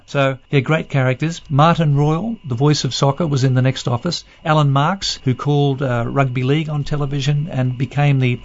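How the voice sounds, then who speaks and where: A man's voice: mid-range voice, fairly even intonation, moderate pace, highs cut off. An older Australian man, a veteran sports commentator, telling chuckling anecdotes in a radio interview and mimicking old colleagues.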